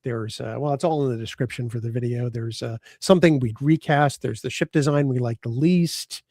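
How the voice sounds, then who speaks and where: A man's voice: mid-range voice, brisk, darkish tone, no echo, clean studio sound. A man co-hosting a live fan show in casual chat, greeting viewers in the chat and joking around. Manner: chatty, reads out chat names, joking. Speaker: podcast co-host.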